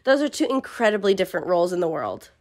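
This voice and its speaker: A woman's voice: mid-range voice, sing-song, fast, voice pushed down, natural voice. A haughty young princess, as a woman reads her out who speaks in a cold, condescending tone. She is snippy and superior, and she talks down to everyone around her.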